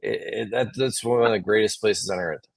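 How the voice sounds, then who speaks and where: Man, Wisconsin accent, very low voice, comedian, casual interview, animated storytelling. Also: gravelly. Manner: animated storyteller, quick restarts and laughs. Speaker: comedian guest.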